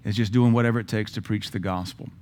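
A man's voice: fairly low pitch, steady tone, fast talker, darkish tone, a little hiss or hum. Blunt sarcastic Southern preacher man. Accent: Southern American. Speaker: pastor. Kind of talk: sermon.

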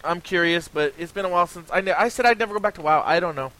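On a casual gaming podcast, a man with a high, bright, forceful voice reads out sales figures very fast, full of ums and restarts. He sounds slightly hoarse from talking. The rough recording carries a faint hiss.

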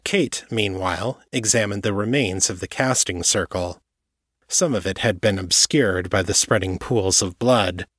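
This audiobook chapter is read by a male narrator whose voice is low and whose delivery is steady and measured. The scripted narration is recorded close and dry, without any room sound.

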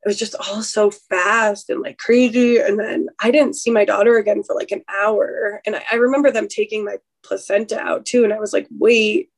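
A woman's voice: medium pitch, fairly even intonation, normal speed, few pauses. Woman retelling a hard birth story. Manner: rambling, many fillers and restarts. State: emotional, recounting trauma. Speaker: guest sharing a birth story. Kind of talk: personal storytelling in an interview.

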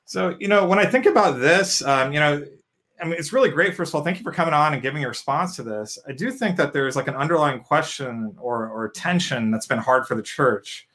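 A man's voice: fairly high pitch, animated, a little fast, a bit bright. Chatty man hosting an interview. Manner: chatty and upbeat, with "you know" and "um" fillers. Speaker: show host. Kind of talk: casual interview chat.

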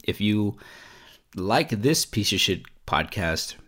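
A man's voice: lowish voice, expressive, takes it slowly, fairly bright tone. Rambling, foul-mouthed podcast man. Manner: profane, rambling, lots of "like" and "um". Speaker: podcast host. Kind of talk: casual solo podcast chat.

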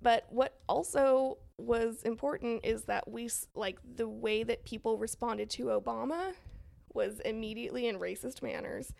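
A woman's voice: on the high side, fairly even intonation, normal speed, vocal fry, darkish tone. A woman co-hosting a casual political chat podcast, rambling with many fillers and frequent laughs. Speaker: podcast co-host.

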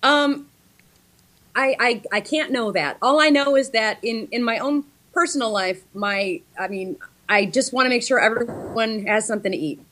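A woman's voice: a little high, normal speed, fairly bright tone. A woman in her thirties, a librarian guest speaking over a video call, with many ums and restarts. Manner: hesitant, frequent ums and restarts.

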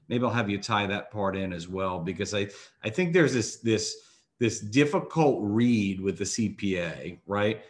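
A man who is a financial advisor and hosts the show. He asks long, rambling questions full of "you know" and restarts. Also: lowish voice. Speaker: financial advisor, podcast host. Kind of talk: interview questions.

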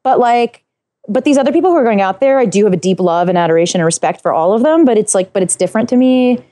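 Give me a mellow woman guest chatting eagerly, full of fillers and restarts. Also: mid-range voice, fast, dry recording. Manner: excitable, rambling, many fillers and restarts. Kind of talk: casual interview chat.

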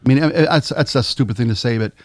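A man's voice: mid-range voice, rapid-fire, dry recording. A man with a Baltimore accent, co-hosting a casual podcast chat in a rambling, joking, playfully opinionated way. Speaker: co-host.

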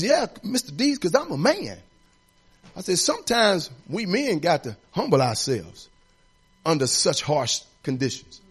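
A middle-aged man, an assistant pastor preaching a sermon that rises into declarations and drops to quiet storytelling. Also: sits high.

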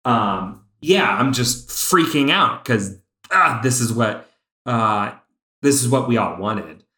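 Excitable man chatting, roomy sound. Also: medium pitch. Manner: excited fan, speeds up and slows down. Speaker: podcast co-host. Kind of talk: casual chat. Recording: roomy echo.

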